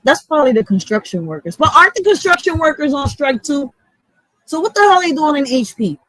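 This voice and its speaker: This is a woman with a Philadelphia accent sounding off in a casual vlog, blunt and full of profanity. Her voice sits high, and the sound is dry and close with no room around it. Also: sing-song, a little fast, a bit bright, no echo, low-quality recording. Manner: blunt, profane, fired-up street talk. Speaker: block captain and vlogger.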